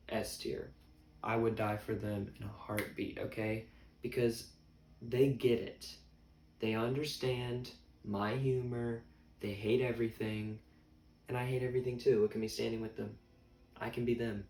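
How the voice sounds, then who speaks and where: A man vlogs in casual chat, rambling, joking and mocking himself in a mid-range, darkish voice with flat delivery and a measured pace. The recording has an echoey room, a distant mic and faint music.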